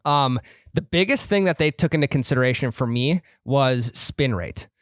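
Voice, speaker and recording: A man co-hosting a casual golf podcast, animated and swearing freely as he tells stories. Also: medium pitch, normal speed, no echo, studio quality. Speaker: podcast co-host.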